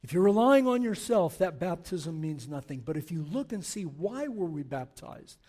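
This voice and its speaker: A male pastor preaching a sermon, reading verses aloud and urging his listeners on with animated, forceful exhortation. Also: fairly high pitch, normal speed.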